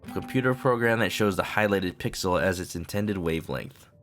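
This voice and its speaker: A man's voice: sits low, animated, brisk, a bit bright, faint music behind. A man streaming a video game, chatting casually with rambling, joking asides. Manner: rambling, joking, self-interrupting. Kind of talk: casual live-stream commentary.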